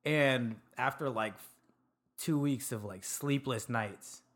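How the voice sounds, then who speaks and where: A young man from Sacramento, a podcast guest casually telling stories about his life, laid-back and quick to laugh and swear. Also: mid-range voice, fairly bright tone. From Sacramento, California. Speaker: podcast guest, food truck owner. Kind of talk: casual storytelling chat.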